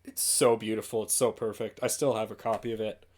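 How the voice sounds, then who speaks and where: A man's voice: lowish voice, flat delivery, brisk, a little mellow. A man from Canada, a podcast co-host, telling a school story in casual chat and swearing freely.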